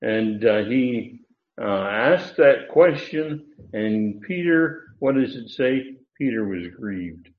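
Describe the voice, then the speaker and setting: A man's voice: medium pitch, animated, slow. A man teaching a Bible passage verse by verse, explaining the Greek words with emphasis and correcting himself as he goes. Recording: tinny phone-like sound in an echoey room.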